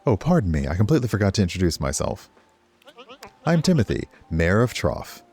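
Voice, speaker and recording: A man's voice: sits low, very animated, brisk, a little mellow, breathy edge, faint music behind, heavily acted. A man voicing an elderly, courteous male town mayor in a cosy video game, with old-fashioned politeness. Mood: genteel.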